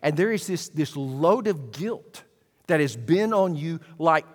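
A man preaches a sermon, talking to the congregation in a conversational way and moving from quiet asides to loud bursts. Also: on the high side, expressive, measured pace, big-room sound. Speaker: pastor.

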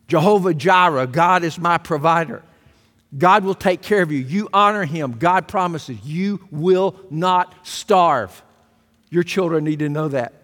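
A man preaching a sermon as pastor, emphatic and rising to loud exclamations. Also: a little high. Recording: long reverb of a large hall.

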